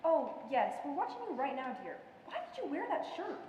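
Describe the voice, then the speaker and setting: A woman's voice: high-pitched, very animated, fairly quick, crowd noise. A young woman in a school stage play playing a nagging, melodramatic mother scolding her son over the phone. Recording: very echoey hall, distant mic, faint noise.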